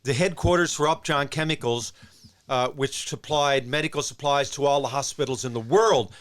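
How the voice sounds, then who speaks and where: A man in his sixties from Newfoundland, a former hockey player who tells stories as a podcast guest in a rambling, animated way with many restarts. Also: mid-range voice, normal speed. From Newfoundland, Canada. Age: 60s. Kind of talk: casual storytelling.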